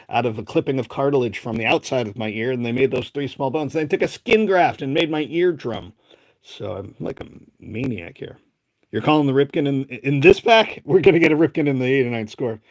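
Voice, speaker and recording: A man's voice: mid-range voice, dry recording. A man with a Boston accent hosting a casual live stream, chatting and rambling as he calls out names one after another. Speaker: live-stream host opening card packs.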